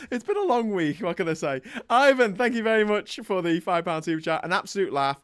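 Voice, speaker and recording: Male live-stream co-host, slightly high voice, jokey and quick to laugh while reading out viewer comments. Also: very animated, a bit bright, clear, resonant tone. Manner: jokey, laughs often, reads out viewer messages. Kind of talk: casual live-stream chat.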